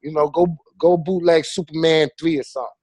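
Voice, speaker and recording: A man's voice: on the high side, a little fast, breathy edge, no room sound. A man, a filmmaker guest, talking casually and animatedly, full of slang and repeated fillers. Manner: animated storyteller with street slang. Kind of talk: casual conversation.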